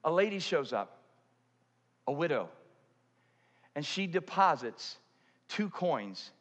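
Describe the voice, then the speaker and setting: A man preaching a sermon as pastor, dramatic, swinging between loud stretches and hushed ones. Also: a little high, big pitch swings, slow pace. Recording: long hall reverb.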